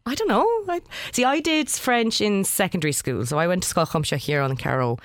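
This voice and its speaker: Irish woman radio host, low voice, chatty and teasing, dry studio sound. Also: lively intonation, fairly quick, dry recording. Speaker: radio presenter. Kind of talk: casual studio chat. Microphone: studio microphone.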